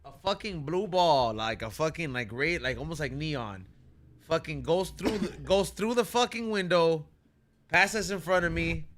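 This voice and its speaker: A man's voice: on the high side, lively intonation, a little slow, fairly bright tone, slight background noise. A man co-hosting a podcast, telling a story in casual chat, slangy and full of swearing, calling people "dog" between phrases. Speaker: podcast co-host.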